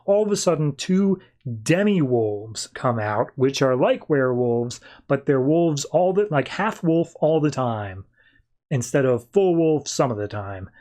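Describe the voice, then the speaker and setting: A man's voice: medium pitch, lively intonation, a little slow, a little mellow. A man hosting a podcast, recapping a comic book in a rambling, informal way with many fillers. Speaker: podcast host.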